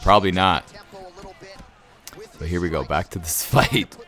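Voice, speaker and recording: A man's voice: deep voice, a little slow, a bit bright. Laid-back man giving fight game commentary. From Canada. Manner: laid-back, laughs often, says "man" a lot. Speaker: gaming YouTuber. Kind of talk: casual gameplay commentary.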